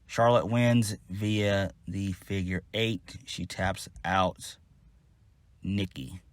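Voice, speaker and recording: A man's voice: sits low, fairly even intonation, drawn-out words, no echo. A man giving a casual solo wrestling review, blunt, exasperated and profane.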